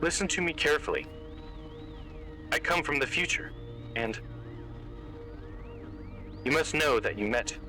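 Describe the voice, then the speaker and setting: A man's voice: fairly high pitch, lively intonation, measured pace, long pauses, pushed and bright, soft background music, pitched above the performer's own voice. A man voicing a young woman from the future who speaks urgently through a taxi radio, in a put-on radio-style voice.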